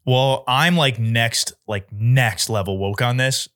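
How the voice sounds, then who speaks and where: A man's voice: mid-range voice, takes it slowly, fairly bright tone. A man co-hosting a podcast in casual chat, joking around and using slang and swearing. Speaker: podcast co-host.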